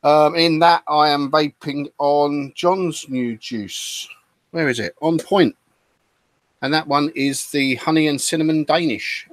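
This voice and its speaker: A man's voice: on the high side, slow, no echo. A British man co-hosting a casual chat show, easygoing and chatty. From United Kingdom. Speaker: podcast co-host.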